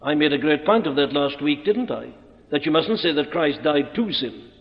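A man preaching an expository sermon, emphatic and deliberate, posing rhetorical questions and answering them. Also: a little high, lively intonation. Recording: muffled old recording in a reverberant hall.

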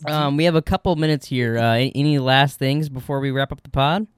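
A man's voice: medium pitch, steady tone, fairly quick, clean tone. A man co-hosting a podcast in casual chat, asking lots of questions and laughing often. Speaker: podcast co-host. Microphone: recorded over video call.

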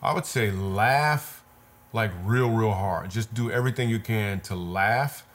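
Earnest low-voiced man telling a story. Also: unhurried, a bit bright. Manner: earnest, repetitive, vivid retelling. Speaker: comedian guest. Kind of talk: conversational storytelling.

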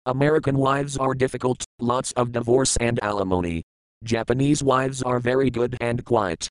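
A man doing a gentle, courteous businessman. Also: mid-range voice, moderate pace, clear, resonant tone, dry recording, close to an everyday voice, rough recording. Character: gentle, polite older businessman.

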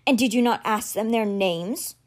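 A woman voicing an imperious, impatient young male high priest in a read-aloud story, barking orders. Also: moderate pace, close to an everyday voice.

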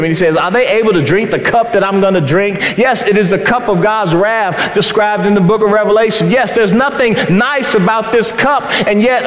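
A man preaching a sermon, building to shouts and slowing down for emphasis. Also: high-pitched. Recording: roomy hall with long reverb.

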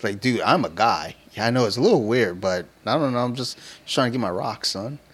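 A man's voice: mid-range voice, lively intonation, brisk, a bit bright, slightly rough. A man co-hosting a podcast, rambling in crude, slangy casual chat. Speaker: podcast co-host.

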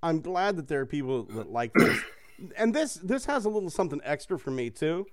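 A man's voice: fairly high pitch, a little fast, dry recording, clean studio sound. A man hosting a casual chat, swearing freely and laughing as he tells stories. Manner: profane, laughing, animated storytelling.

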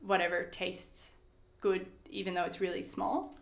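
A woman's voice: lowish voice, steady tone, a little slow, vocal fry, echoey room. A woman chatting as an interview guest, hesitant and full of "like". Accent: non-Australian, faintly Australian-tinged. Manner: chatty, hesitant, uses "like" often. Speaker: guest, coaching client. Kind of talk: casual interview chat.

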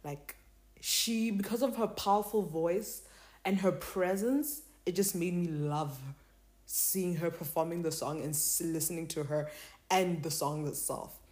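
Casual vlogger, woman, mellow lowish voice, rambling slangy delivery. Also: a little slow. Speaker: K-pop reviewer. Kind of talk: casual talk to camera.

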